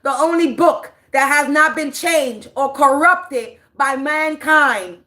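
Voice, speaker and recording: A high-pitched woman doing a livestream rant as a spiritual reader. She talks at an unhurried, drawn-out pace, stretching words for emphasis. Her delivery is blunt, preachy and full of swearing. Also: sharp tone.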